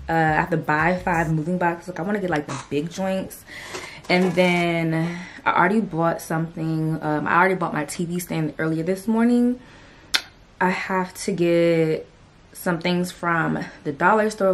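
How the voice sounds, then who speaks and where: A young woman vlogger chatting casually to camera, excitable and full of slangy asides. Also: lowish voice, a little hiss or hum.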